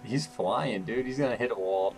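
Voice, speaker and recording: A man's voice: mid-range voice, normal speed. A man chatting casually and swearing while playing a game with a friend. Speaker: co-player. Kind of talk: casual gaming chat.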